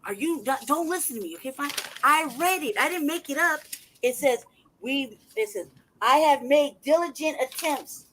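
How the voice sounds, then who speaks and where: A man holds forth on a casual livestream in a heated, profane torrent. His voice sits unusually high for a man. He reads documents aloud with open mockery. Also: lively intonation, moderate pace, sharp tone, a little hiss or hum, rough recording. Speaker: livestream host.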